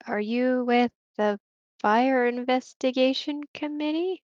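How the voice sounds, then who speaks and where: A woman playing a tabletop game, giving soft, hesitant replies. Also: high-pitched, takes it slowly, dry recording, muffled recording. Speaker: player.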